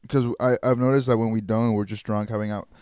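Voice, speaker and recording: A man's voice: on the low side, little pitch movement, fast talker, darkish tone, clean tone, no echo. A young man co-hosting a podcast, telling stories in casual, swear-filled bro talk. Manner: swearing, storytelling, laid-back bro talk. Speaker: podcast co-host. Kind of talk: casual chat.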